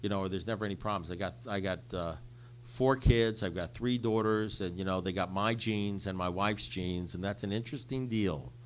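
An older man with a somewhat low voice speaks to a group about his own recovery. His delivery is blunt and conversational, and he often repeats a phrase to drive it home. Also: moderate pace, slight background noise. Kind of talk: personal recovery story told to a group.

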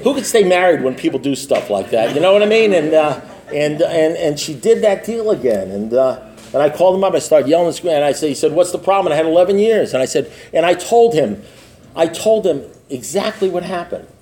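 A man with a fairly high voice speaks at a recovery meeting in a loose, comic storytelling style. He repeats himself, stumbles through restarts, and keeps checking in with "you know what I mean?" When he quotes his sponsor, his voice drops low and flat. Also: a little fast. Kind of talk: humorous recovery talk to a live audience.

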